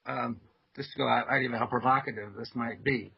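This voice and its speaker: A man guesting on a talk radio show, telling stories in a loose, chatty way full of ums and uhs. His voice is husky and sits at an ordinary pitch. The audio is dull and lo-fi. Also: fairly even intonation, fast. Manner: chatty storyteller with many fillers and soft laughs. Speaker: psychiatrist guest. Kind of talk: radio interview anecdote.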